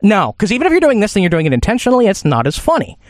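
Man, podcast co-host, joking storyteller, swooping lively pitch. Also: very fast, no echo, studio quality. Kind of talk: casual chat.

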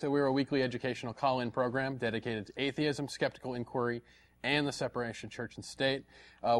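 Chatty man hosting a call-in show. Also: mid-range voice. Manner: chatty, many fillers and restarts. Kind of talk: casual live broadcast hosting.

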